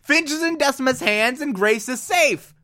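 Bright, gushing TV recapper. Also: high voice, moderate pace. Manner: gushing and animated, with sudden excited outbursts. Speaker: TV episode recapper. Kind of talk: excited casual recap.

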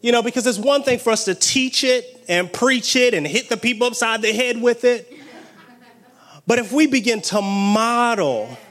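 A man preaching a sermon with excited exclamations and call-and-response energy. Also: very high voice, moderate pace.

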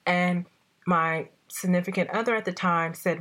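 A woman's voice: lowish voice, moderate pace, bright, forceful tone. A woman hosting a casual conversation, telling a story with self-corrections and quoted voices. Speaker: host.

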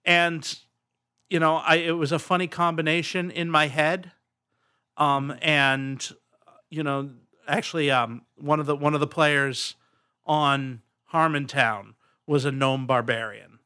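A man's voice: fairly high pitch, steady tone, a little slow, bright, forceful tone, clear, resonant tone. A man hosting a casual podcast chat and running the game, rambling and easygoing with frequent chuckles.

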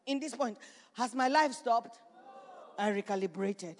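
A woman pastor preaching a sermon in a church, building to shouts and repeating her points. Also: fairly high pitch, unhurried, slight background noise. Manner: preaching with rising shouts and repetition. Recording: reverberant church hall.

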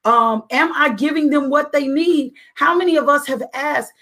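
Woman, middle-aged mother, high-ish voice, gravelly fry, earnest preachy parenting talk, rhetorical questions. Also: normal speed, a bit bright. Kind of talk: faith-based parenting talk.

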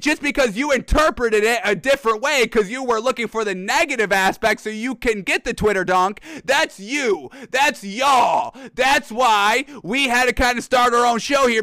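A man's voice: very high-pitched, bright, forceful tone, no echo. A man hosting a sports talk show, ranting emphatically to camera and repeating his points. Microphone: camera mic.

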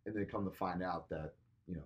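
A man's voice: low voice, fairly quick, dull audio. Chatty laughing man, easygoing podcast talk. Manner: chatty, lots of "you know" and laughing asides. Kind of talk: casual podcast chat.

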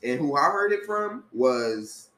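Bright-voiced man chatting in an echoey room. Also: mid-range voice, very animated, measured pace. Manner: laid-back, slangy, laughs often. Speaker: podcast co-host. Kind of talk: casual gossip chat. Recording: echoey room with faint hiss.

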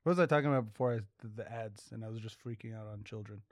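A man's voice: fairly low pitch, very fast, no echo, studio quality. A man co-hosting a podcast in casual chat, rambling, swearing freely and losing his train of thought. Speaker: podcast co-host.

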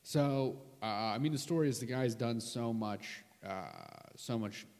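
A man's voice: medium pitch, unhurried, a little mellow, long reverb tail. A man, a comedian guest on a podcast, telling a rambling, profane story with many fillers.

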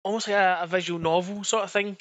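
A man's voice: sits high, steady tone, quick pace, fairly bright tone. A young man, a podcast co-host, chatting casually in a rambling, sweary way with frequent laughs. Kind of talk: casual chat.

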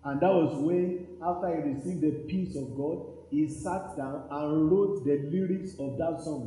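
A Nigerian man in his fifties preaches with lively storytelling and jumps into the voices of the people in his stories. His voice sits a little high yet sounds mellow and dark. The room around him is echoey. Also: normal speed. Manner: animated storytelling, acting out voices in dialogue. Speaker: pastor. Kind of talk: sermon.

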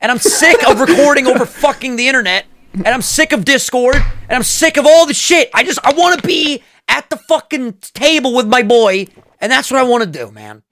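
A young man co-hosting a casual podcast, excitable and profane, with loud bursts when he gets worked up. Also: very high voice, a little fast. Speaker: podcast co-host. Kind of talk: casual chat.

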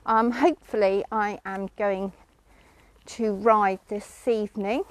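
A woman's voice: mid-range voice, steady tone, slow, no echo. A middle-aged woman chatting casually outdoors with horses, breaking off to call commands to a horse she is lunging. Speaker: horse owner vlogger.

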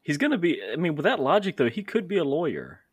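A man's voice: a little high, big pitch swings, fast, slightly rough, dry recording. A man hosting a casual podcast conversation, telling candid, self-deprecating stories. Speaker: podcast host.

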